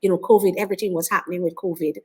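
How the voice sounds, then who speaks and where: A woman from Jamaica with a Jamaican accent, a guest entrepreneur telling stories in an animated, expressive way. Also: fairly low pitch, very fast, husky. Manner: expressive, swings into loud laughing exclamations. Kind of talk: animated storytelling in conversation.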